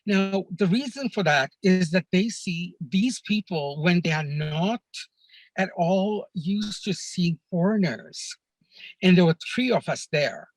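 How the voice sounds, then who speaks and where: A man, a guest on a podcast, telling a travel story in a slow, deliberate way with pauses. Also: sits high, no room sound, poor audio. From Canada. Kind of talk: storytelling in a casual interview.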